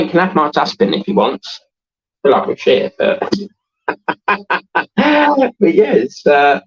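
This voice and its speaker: A man's voice: mid-range voice, slightly rough, highs cut off. A man in his thirties hosting a casual livestream, rambling and laughing as he reads out viewer comments. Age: 30s. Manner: chatty and rambling, laughs often, many fillers. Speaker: host of a model-building livestream.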